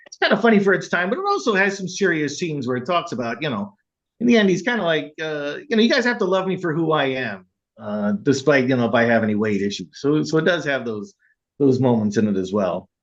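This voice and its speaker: A man co-hosting a casual film podcast, rambling with many fillers and laughing as he retells scenes. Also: fairly bright tone. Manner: rambling, laughs often, acts out quotes in a high voice. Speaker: podcast co-host. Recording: dull lo-fi sound.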